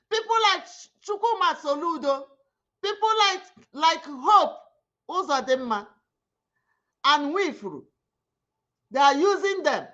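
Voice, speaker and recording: A woman's voice: sits high, sharp tone, highs cut off. A woman with a Nigerian Igbo accent, hosting her own media channel and making an impassioned, pleading spoken appeal with heavy repetition. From southeastern Nigeria. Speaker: online media host.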